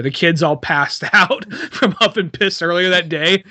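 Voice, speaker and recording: Bright high-voiced man riffing profanely. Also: measured pace. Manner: profane riffing, acts out voices, laughs often. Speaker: podcast host. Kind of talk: casual comedic chat.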